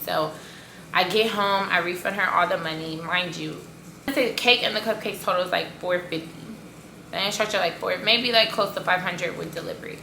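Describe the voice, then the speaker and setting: Animated gravelly woman telling a storytime. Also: fairly low pitch, normal speed, a little hiss or hum. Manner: animated, filler-heavy retelling with sound effects. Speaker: cake business owner. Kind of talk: casual storytime vlog. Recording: echoey room.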